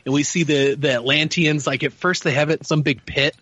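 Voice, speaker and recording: Bright, dry-voiced laid-back man. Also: fairly high pitch, steady tone, brisk, no echo, lo-fi sound. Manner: laid-back, amused, says "rad". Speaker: podcast roundtable guest. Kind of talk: casual chat.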